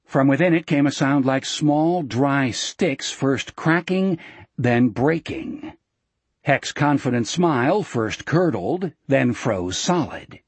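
Husky male audiobook narrator. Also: mid-range voice, no room sound. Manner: steady, measured storytelling.

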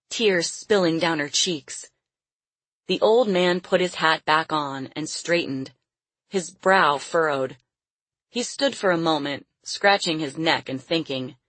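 A woman narrating an audiobook in a steady, measured way. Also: low-pitched, no echo.

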